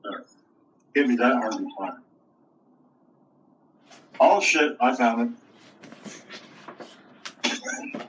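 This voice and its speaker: A man's voice: mid-range voice, very slow, pauses often, a bit bright. A man streaming with puppets, chatting in a crude, offhand, joking way with mumbled asides. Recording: distant mic with faint noise.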